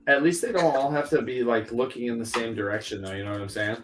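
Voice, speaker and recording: An easygoing man joins a live stream as a guest, joking and chatting loosely. His mid-pitched voice carries a roomy echo around it, and faint music sits underneath. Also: steady tone, fast talker. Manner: easygoing, joking, casual swearing. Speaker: guest customizer. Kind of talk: casual live-stream chat. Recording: echoey room sound.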